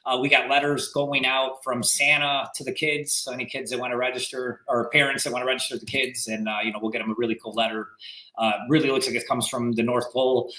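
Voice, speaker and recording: A real estate agent tells a story in casual podcast chat, speaking fast at a medium pitch and animatedly acting out what other people said. The audio is poor, with a roomy sound.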